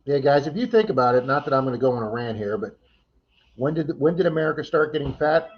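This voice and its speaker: A man's voice: medium pitch, animated, quick pace, muffled recording. A man hosting a casual livestream chat, thanking viewers by name and reading their comments. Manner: chatty, thanks viewers by name, laughs easily. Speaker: livestream host.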